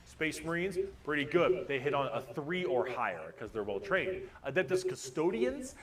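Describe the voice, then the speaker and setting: A man giving a casual, profane, jokey explainer in a rambling way. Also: medium pitch. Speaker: video explainer.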